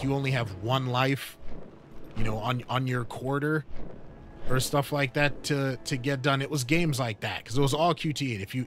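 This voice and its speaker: Here a man with a medium-pitched, fairly bright voice chats casually while streaming a game live, with a slight hiss or hum on the audio. Game music plays behind his rambling, sidetracked talk, which is thick with fillers.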